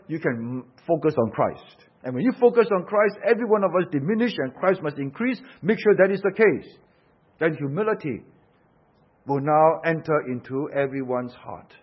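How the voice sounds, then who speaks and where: A man delivers a sermon, pressing his points with rhetorical questions and bursts of force. His voice sits slightly high and husky. The recording sounds dull and lo-fi. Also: lively intonation, moderate pace. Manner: emphatic, rhetorical questions, rising and falling force. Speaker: pastor.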